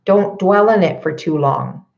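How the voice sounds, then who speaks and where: A woman's voice: fairly low pitch, expressive, measured pace, gravelly, dull audio. A woman healer doing a live card reading, advising viewers in a conversational way, often checking in with "okay?" and laughing lightly. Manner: laughs lightly between points.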